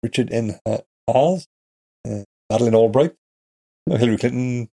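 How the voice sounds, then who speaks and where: A man co-hosting a casual podcast, chatting and reading aloud haltingly, laughing often. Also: mid-range voice, warm tone, husky. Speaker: podcast co-host. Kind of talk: casual chat.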